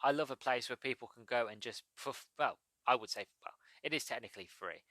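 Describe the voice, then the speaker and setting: Man, British accent, bright tone, casual solo podcast talk, rambling, dry close recording. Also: mid-range voice, fairly quick, no room sound. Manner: chatty, rambling, digressive. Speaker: podcast host.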